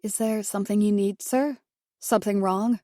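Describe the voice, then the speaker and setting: A woman's voice: mid-range voice, fairly even intonation, moderate pace, dark tone, no echo, clean studio sound, close to an everyday voice. A woman playing a timid, deferential housekeeper. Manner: hesitant, polite.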